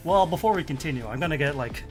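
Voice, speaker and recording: A male streamer talking casually over a game. His voice sits a little high and he jokes and laughs often. Quiet game music plays underneath. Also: animated, fast talker. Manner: chatty, joking, laughs often. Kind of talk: casual gameplay commentary and reading game text aloud.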